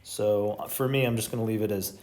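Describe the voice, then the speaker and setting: An American man teaching English grammar in an online lesson, explaining lively and correcting himself as he works through the exercises. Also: on the low side, a little fast, echoey room, a little hiss or hum. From United States.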